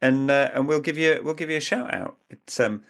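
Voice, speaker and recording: A man's voice: fairly high pitch, fairly quick. A man co-hosting a podcast, talking in a rambling, chatty way and laughing often. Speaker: podcast co-host. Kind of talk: casual chat.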